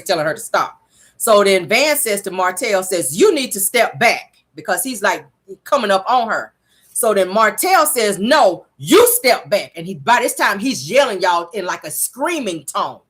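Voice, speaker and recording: Lively woman recapping reality TV. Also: mid-range voice. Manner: animated storyteller, addresses viewers as y'all. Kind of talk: casual recap commentary.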